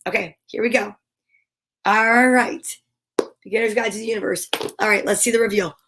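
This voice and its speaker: A middle-aged woman hosting a live show for children, bubbly and playful, reading names from the chat and chatting warmly. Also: medium pitch, fairly even intonation, moderate pace, a little hiss or hum. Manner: bubbly, playful, sing-song. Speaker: children's livestream host.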